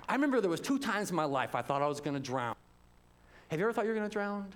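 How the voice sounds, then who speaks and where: A man preaching a sermon, telling personal stories in an animated way and swinging between loud and hushed delivery. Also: sits high, quick pace. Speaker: pastor.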